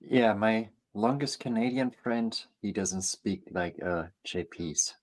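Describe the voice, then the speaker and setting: A man with a slightly low voice talks slowly and hesitantly in a casual chat with friends. He fills his pauses with ums. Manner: slow, hesitant, with many ums.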